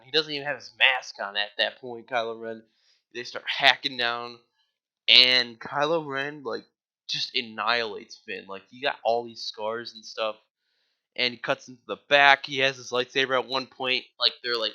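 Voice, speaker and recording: A man's voice: medium pitch, bright, forceful tone, lo-fi sound. A man giving a casual, rambling movie plot recap, full of "like" and offhand swearing. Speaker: movie reviewer.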